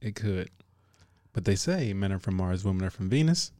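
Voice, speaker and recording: A man's voice: deep voice, expressive, normal speed, dark tone, no room sound, studio quality. A man in a casual group chat, playful and joking, sometimes drawing out his words.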